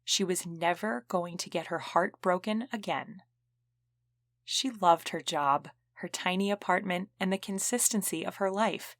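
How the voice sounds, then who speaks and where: Woman, audiobook narrator, low-pitched, dry, even storytelling. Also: measured pace, no echo. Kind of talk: scripted narration.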